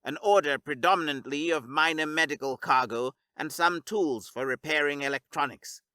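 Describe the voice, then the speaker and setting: A man narrating a scripted science fiction story in a steady, even storytelling read. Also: on the high side, moderate pace, clear, resonant tone, no room sound.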